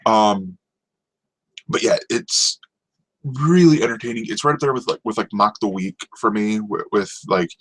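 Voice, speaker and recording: Male solo podcast host, low-pitched, casual and rambling, filler-heavy delivery. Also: moderate pace, fairly bright tone, poor audio. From North America. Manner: rambling, lots of ums and restarts. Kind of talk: casual solo TV review chat.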